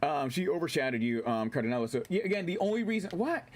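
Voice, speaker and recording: Excitable man streaming a game. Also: fairly high pitch, fast talker. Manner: excitable, swears and laughs, reads chat aloud. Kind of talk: casual gameplay commentary.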